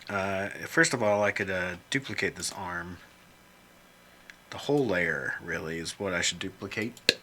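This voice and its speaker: With a low, sharp-toned voice and an unhurried pace, a man offers casual commentary as he draws characters on screen. He rambles and cracks jokes to himself, mildly swearing, against slight background noise.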